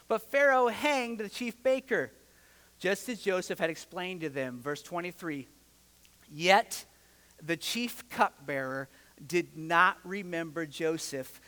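Animated high-voiced pastor preaching. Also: male voice. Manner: animated storytelling, acts out the characters' lines. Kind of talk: sermon. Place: church sanctuary. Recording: church hall with long reverb.

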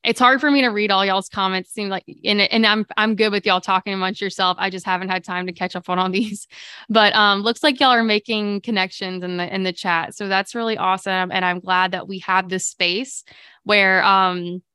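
A woman hosts a live morning stream, chatting upbeat and loose with her viewers, full of fillers. Her voice is smooth and clear. The sound is dry and close to the mic. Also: mid-range voice, fairly even intonation, moderate pace, sharp tone, no room sound. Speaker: livestream podcast host. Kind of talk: casual live chat with viewers.

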